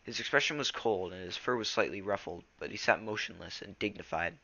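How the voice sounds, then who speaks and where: A man's voice: sits low, a little fast, sharp tone, lo-fi sound. A teenage boy reading a novel aloud and then chatting casually, stumbling over words and restarting them. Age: teens. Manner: loose, rambling chat with fillers. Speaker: reader.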